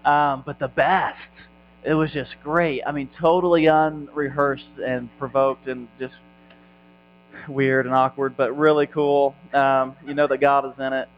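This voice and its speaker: A man's voice: medium pitch, flat delivery, measured pace, faint music behind. A man from Indiana who pastors a church, speaking as a guest at a church service with self-mocking humor and lots of ums. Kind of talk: casual sermon talk. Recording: dull sound with faint mains hum.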